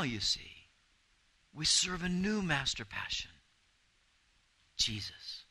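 A man's voice: fairly high pitch, bright, forceful tone, low-quality recording. A man in his fifties, a pastor preaching an earnest, emphatic sermon.

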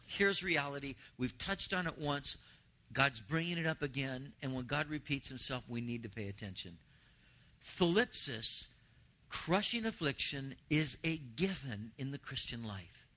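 Bright-voiced emphatic male preacher. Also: high-pitched. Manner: emphatic preacher, slows down to stress words. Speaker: pastor. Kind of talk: sermon.

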